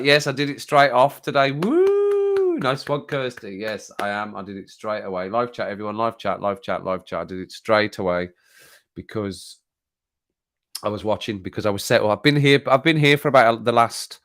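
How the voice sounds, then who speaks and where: A British man with a fairly low voice chats casually on a live stream from home. He rambles, laughs a lot and repeats his phrases as he talks. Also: fairly even intonation, normal speed, fairly bright tone. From Britain. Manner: chatty, rambling, laughs often, repeats himself. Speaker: YouTube channel host. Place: home, sitting at desk.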